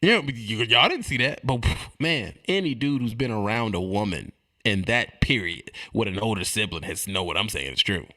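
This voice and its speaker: Animated man ranting comedically. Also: on the low side, normal speed. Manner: animated, repetitive, swings between loud and quiet. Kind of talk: streetwise comedic rant.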